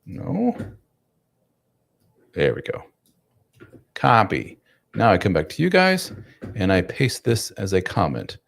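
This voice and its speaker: A man's voice: deep voice, huge pitch swings, a little slow, gravelly, pauses often, fairly bright tone. A man hosting a casual live stream from home, chatting loosely with viewers in a self-deprecating way. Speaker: live stream host, men's coach. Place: home room.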